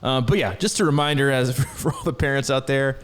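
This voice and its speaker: A middle-aged man chats on a podcast in an easygoing, rambling way, laughing often and tripping over his words as he tells a story. His voice sits at an ordinary pitch for a man. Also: fast talker. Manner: rambling, animated, laughs often, many restarts. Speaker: podcast co-host. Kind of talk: casual chat, storytelling.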